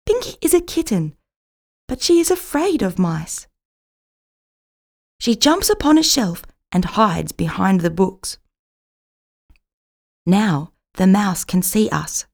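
Slow, expressive woman reading a children's story. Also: mid-range voice.

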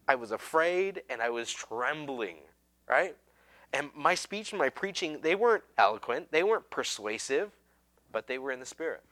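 A male pastor delivers a sermon in a loose, conversational way, stumbling over fillers and restarting sentences as he tells a story. His voice is bright and forward, and he pokes fun at himself with easy humor. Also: mid-range voice. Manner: self-deprecating, humorous.

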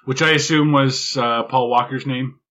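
A man with a bright, forceful voice chats about a movie in a relaxed back-and-forth, with a wry, hesitant manner and plenty of ums. His audio sounds dull and lo-fi. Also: medium pitch, normal speed. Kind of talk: casual movie chat.

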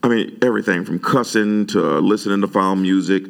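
A man preaching a sermon, animated and conversational, jumping high in pitch when he retells his own words. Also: brisk, gravelly. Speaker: pastor.

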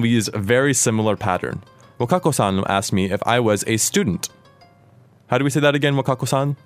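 Over faint background music, an American man who speaks English natively hosts a language lesson on Japanese grammar, teaching with patience and clarity. He speaks fast at a medium pitch with lively intonation.

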